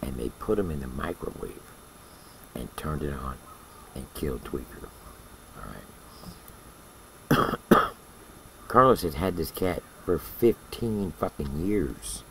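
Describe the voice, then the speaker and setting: Deep gravelly older man, blunt and profane. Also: slow pace, long pauses, fairly bright tone, a little hiss or hum, rough recording. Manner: blunt and profane, tags lines with "all right?". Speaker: former prison inmate telling a story. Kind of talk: casual spoken storytelling.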